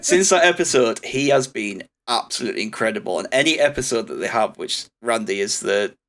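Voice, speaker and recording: Animated man in casual chat. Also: brisk. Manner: animated, acts out cartoon quotes in high excited voices. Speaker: podcast co-host. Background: other hosts chiming in.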